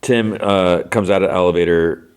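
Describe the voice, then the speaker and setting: A man's voice: deep voice, moderate pace, clear, resonant tone. A male podcast host giving a casual, rambling recap of an episode, filling his talk with "like" and "you know.". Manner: rambling retelling full of "like" and "you know" fillers.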